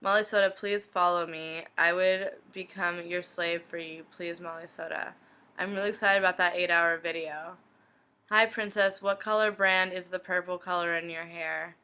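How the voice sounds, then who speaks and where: A young woman vlogger flatly reading fan messages from her inbox aloud, one after another. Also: on the low side, normal speed, smooth, rough recording. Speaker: video blogger reading fan questions.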